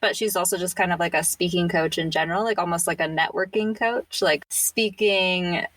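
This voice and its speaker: A woman's voice: on the low side, normal speed, fairly bright tone, dry recording, poor audio. A woman hosting a podcast interview, chatty and upbeat, laughing often and using lots of fillers. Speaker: podcast host. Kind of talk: casual interview chat.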